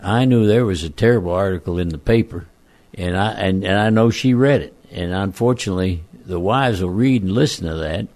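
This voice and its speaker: An older man and former football coach, telling folksy, rambling stories in a croaky voice as a radio guest. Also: sits low, brisk, darkish tone. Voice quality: croaky, frog-like voice. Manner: folksy, rambling, self-deprecating. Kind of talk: casual radio interview storytelling.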